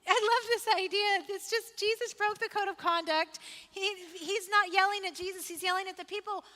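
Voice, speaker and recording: A woman's voice: very high voice, steady tone, normal speed, sharp tone. A woman pastor preaching a sermon in a conversational, emphatic way, asking questions and repeating phrases for effect. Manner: conversational, asks the listeners questions. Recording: long reverb of a large hall.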